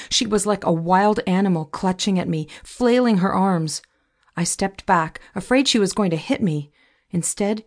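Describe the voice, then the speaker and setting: Woman audiobook narrator, low gravelly voice, measured first-person reading. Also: a little mellow.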